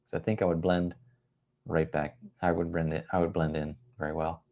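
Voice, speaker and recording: A man's voice: low voice, level tone, normal speed, mellow. A middle-aged man hosting a casual livestream, rambling and chuckling as he answers viewer comments with self-deprecating humor. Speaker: livestream host.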